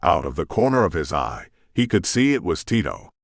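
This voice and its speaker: Deep-voiced man narrating an audiobook. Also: very animated, moderate pace, creaky, no room sound, clean studio sound. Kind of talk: scripted romance narration.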